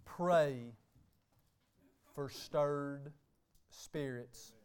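High-voiced preaching man. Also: very slow, smooth. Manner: emphatic, punctuates with "hey" and "okay". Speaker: pastor. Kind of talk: sermon. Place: church sanctuary.

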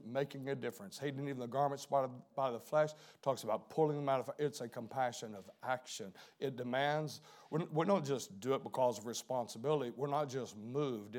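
Preaching a sermon, this middle-aged man first drops to a quiet, low intensity, then builds up into forceful, loud delivery.

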